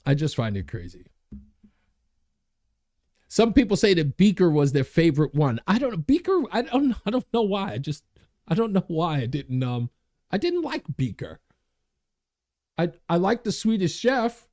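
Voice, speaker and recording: Animated man hosting a talk show. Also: high voice, normal speed, long pauses. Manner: animated, gets worked up and laughs at himself; reads viewer comments aloud. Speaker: host.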